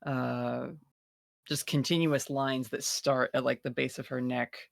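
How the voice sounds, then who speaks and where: A man's voice: medium pitch, level tone, unhurried, creaky, no echo, clean studio sound. A player in a tabletop game, a man describing his character at length in a rambling, filler-heavy way.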